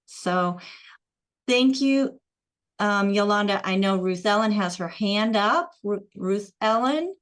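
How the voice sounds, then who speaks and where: A woman's voice: mid-range voice, expressive, takes it slowly. A woman hosting an online show, upbeat, reading out viewer comments. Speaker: host.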